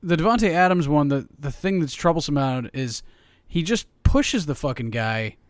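A man talking sports in a loose, profane, joking way, his voice sitting a little high for a man. The sound is dry and close, with no room around it. He gets animated as he goes. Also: moderate pace, no echo. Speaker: sports podcast co-host. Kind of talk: casual sports chat.

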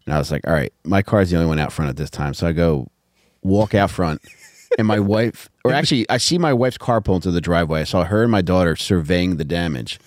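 A man's voice: deep voice, fast, no room sound. A middle-aged man hosting a podcast, telling crude stories in a rambling, joking way and mocking the people in them. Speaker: podcast co-host. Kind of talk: casual comedic chat.

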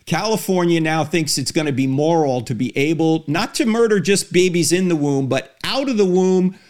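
A man's voice: fairly high pitch, moderate pace, darkish tone. A man who is an author and apologist, arguing in conversation and throwing out rhetorical questions to the audience. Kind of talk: animated conversational argument.

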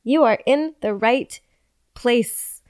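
A young woman hosts a relaxed podcast from her couch, her voice sitting a little high. She chats loosely with a friend, laughs a lot and drops the odd swear word. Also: takes it slowly, smooth, dry recording, studio quality. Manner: chatty, laughing, swears casually. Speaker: podcast host. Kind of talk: casual chat. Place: apartment living room, on a couch.

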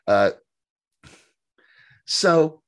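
A man's voice: extremely slow, dry recording. Laughing, swearing man recapping. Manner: swears freely, laughs often, rambling recaps. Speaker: podcast co-host. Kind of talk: casual chat.

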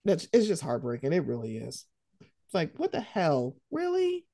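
A woman co-hosting a podcast, ranting in heated casual commentary, animated and profane. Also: low voice, normal speed, no echo, clean studio sound.

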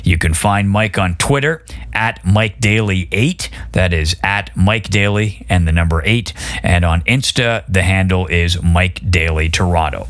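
Low-voiced male host, relaxed and chatty, quick to laugh through a story. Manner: laughs easily while telling anecdotes. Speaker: podcast host. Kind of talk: casual music chat.

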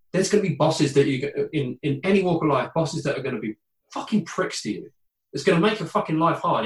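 A man's voice: fairly high pitch, roomy sound, poor audio. A man telling sports anecdotes in a casual, swearing, laid-back way. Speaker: former ice hockey player, podcast guest. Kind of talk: casual storytelling chat.

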